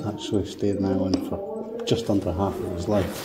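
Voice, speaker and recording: A man chatting in an easygoing, relaxed way. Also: sits low, brisk, a loud crowd. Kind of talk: casual chat. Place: large castle room indoors. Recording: echoey room with noise.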